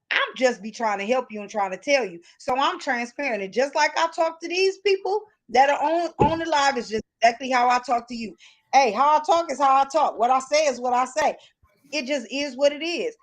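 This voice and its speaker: Blunt high-voiced woman podcast host. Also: brisk, rough recording. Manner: blunt, emphatic, repeats herself to hold the floor. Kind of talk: heated casual talk on a live call-in podcast.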